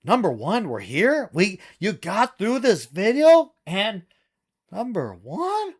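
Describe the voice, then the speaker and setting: A man reviewing his favorite metal albums in a casual vlog, talking in an excitable, gushing way with sudden outbursts and casual swearing. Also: high voice, slow pace, breathy edge.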